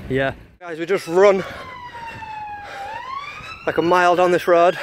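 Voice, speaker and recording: A fairly high-voiced man films on a city street with his own handheld camera. He talks casually and keeps pressing the same questions, with faint street noise around him. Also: slow pace. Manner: casual, pushes back with repeated questions. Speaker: citizen journalist filming police. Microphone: handheld camera he is filming with.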